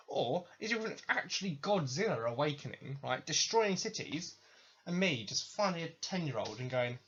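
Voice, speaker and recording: A man rants sarcastically and swears freely. His voice is bright and a bit husky, and it jumps around with animated pitch. It sounds dull and lo-fi. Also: moderate pace. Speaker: podcast host. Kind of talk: ranting video game commentary. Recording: dull lo-fi recording.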